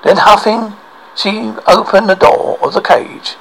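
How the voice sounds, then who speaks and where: A man narrating a children's storybook aloud, expressive, with small slips and restarts. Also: high-pitched, measured pace, vocal fry, poor audio.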